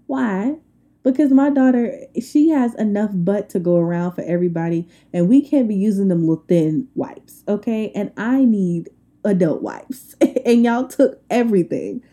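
A woman's voice: mid-range voice, normal speed. A woman in her twenties hosting a casual solo podcast, telling stories bluntly and colloquially with lots of laughter. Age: 20s. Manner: animated storytelling with frequent laughs and rants. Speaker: podcast host.

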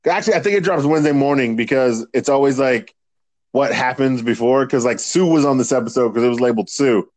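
A man's voice: medium pitch, fast. A man co-hosting a casual podcast, retelling wrestling segments in a loose, profane way and acting out the people he quotes. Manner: profane, animated retelling with impressions. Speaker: podcast co-host. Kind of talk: casual chat.

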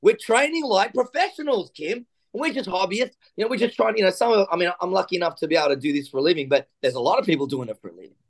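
A man with a fairly high voice tells his stories with gusto. He jumps into the voices of the people he describes and keeps a coaching swagger throughout. The feel is a relaxed podcast chat. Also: very fast, hardly any pauses. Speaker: jiu-jitsu coach and guest. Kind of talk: animated storytelling in a podcast interview.

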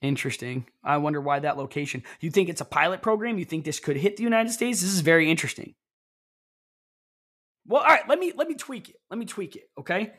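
A young man co-hosting a casual streamed chat, excitable and rambling. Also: sits high, fast. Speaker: co-host.

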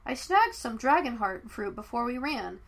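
A woman's voice: a little high, big pitch swings, normal speed, vocal fry, exaggerated voice. A woman voicing a cheerful, earnest young boy who talks eagerly in a storybook reading. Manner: bright and earnest.

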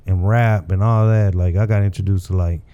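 A man's voice: deep voice, steady tone, fairly quick, mellow, highs cut off. A man from Texas, a comedian guest, chatting casually and telling rambling stories, often adding "you know what I'm saying". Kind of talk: casual podcast chat.

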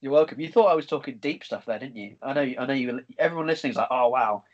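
A man hosting a casual podcast chat, chatty and excitable, swearing freely. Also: mid-range voice, rapid-fire, highs cut off, noisy background. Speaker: podcast host.

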